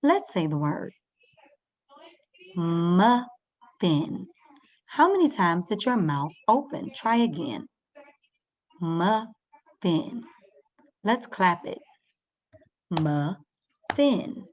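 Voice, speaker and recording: A woman's voice: medium pitch, sing-song, moderate pace, few pauses. A woman teaching a first-grade reading lesson, patiently sounding out words and guiding young children step by step.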